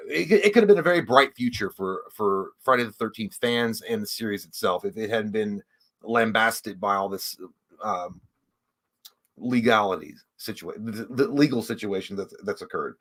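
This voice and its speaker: A man's voice: lowish voice, expressive, normal speed, a bit bright. A man co-hosting a casual livestream, reading viewer chat aloud and answering it in a loose, rambling way, swearing freely and chuckling often.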